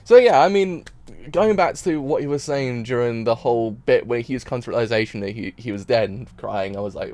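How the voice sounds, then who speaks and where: A man's voice: medium pitch, a little fast, a little mellow, no room sound. A man reacting to an anime episode in a casual stream, rambling and repeating himself while crying. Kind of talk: emotional casual reaction talk.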